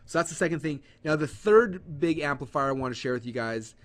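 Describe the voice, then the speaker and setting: Fast-talking man running a webinar. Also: on the high side. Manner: animated, acts out audience quotes, lots of fillers. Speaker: webinar presenter. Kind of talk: live webinar teaching.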